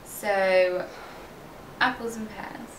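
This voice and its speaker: A woman's voice: medium pitch, fairly even intonation, extremely slow, fairly bright tone, distant mic, a little hiss or hum. Playful American woman, echoey. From United States. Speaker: vlog guest. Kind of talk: casual chat.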